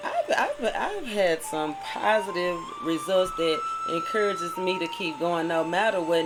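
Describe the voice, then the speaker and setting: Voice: mid-range voice, expressive, unhurried, poor audio. A tarot reader giving a spiritual monologue. The reader mixes passages read aloud with heartfelt commentary and keeps asking "right?". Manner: preachy, often asks "right?". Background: music.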